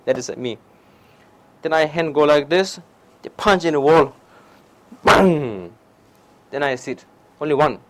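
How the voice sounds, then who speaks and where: Young Nepali-accented male teacher, high-pitched, storytelling dharma talk to an audience. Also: measured pace, pauses often, rough recording. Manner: non-native English, animated anecdotes, frequent "huh?" asides. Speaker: meditation teacher. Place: lecture hall before an audience.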